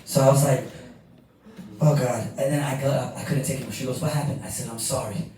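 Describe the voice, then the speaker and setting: Crude stand-up comic in an echoey club. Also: male voice, medium pitch, fairly even intonation, fast talker, noisy background. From New York. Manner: crude storytelling, acting out both sides of dialogue. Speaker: stand-up comedian. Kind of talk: stand-up set. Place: comedy club stage before a live crowd. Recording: echoey room, distant mic.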